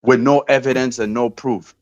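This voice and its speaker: Halting man chatting on a stream. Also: mid-range voice, steady tone, a little mellow, no room sound, highs cut off. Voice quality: halting, repeats words. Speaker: co-host. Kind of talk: casual commentary chat.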